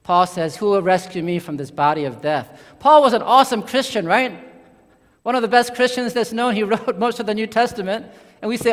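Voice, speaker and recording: A male pastor delivers a sermon in a high, light voice, and the sound carries a long reverberant tail. He preaches conversationally, swinging from excited bursts down to low, hushed lines. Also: moderate pace.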